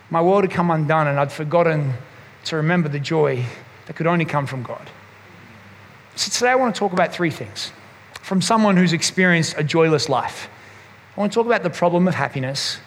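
A man's voice: sits high, a bit bright. A man, a pastor preaching a sermon and telling a personal story candidly, often restarting his sentences. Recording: long hall reverb.

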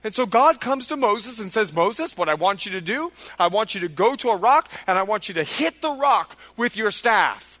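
A man's voice: high-pitched, animated, normal speed, hardly any pauses, a bit bright. A male pastor preaching a sermon with emphatic delivery, acting out biblical figures in quoted lines.

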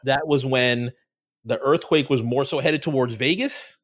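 A man's voice: mid-range voice, unhurried. A man from Florida co-hosting a podcast, telling a story in casual chat, swearing and acting out his own reactions. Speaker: podcast co-host.

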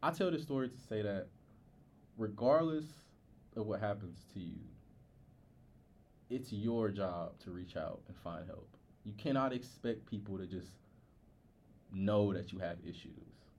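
A young man, a podcast co-host, telling a personal story in a candid, halting way with many filler words. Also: on the low side, animated, darkish tone.

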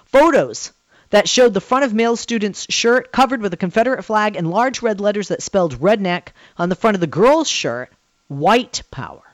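A woman's voice: medium pitch, expressive, normal speed, dry recording. A woman from the American South hosting a call-in radio talk show, emphatic and prone to repeating herself. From Southern United States.

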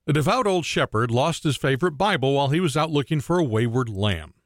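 A man's voice: mid-range voice, lively intonation, fast, dry recording. Brief: man hosting a faith talk show, playful joker, dry close sound. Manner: joking, playful banter. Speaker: radio show host. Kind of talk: casual chat with dad jokes.

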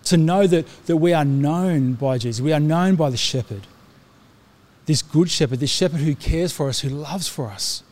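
A man's voice: on the high side, normal speed, a little mellow. A middle-aged man delivers a sermon in a slightly raised speaking voice. He is earnest and conversational, circling back and restarting phrases with small fillers. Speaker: pastor.

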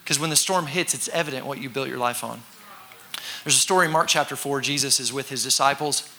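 Animated bright-voiced male preacher. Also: mid-range voice, fast talker. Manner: animated, acts out voices and shouts for effect; conversational with congregation call-and-response. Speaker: pastor. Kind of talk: sermon.

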